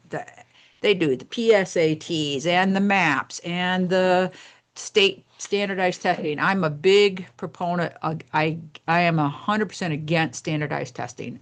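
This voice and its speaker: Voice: mid-range voice, unhurried, vocal fry. A retired teacher in their sixties, speaking emphatically in a casual podcast conversation. They stress points by repeating words. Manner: emphatic and repetitive.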